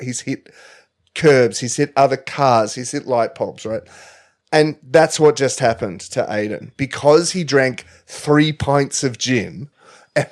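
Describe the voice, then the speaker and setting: A man co-hosting a comedy podcast, retelling a story in a rambling, jokey way full of fillers and restarts. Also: medium pitch. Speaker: podcast co-host. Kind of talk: comic storytelling chat.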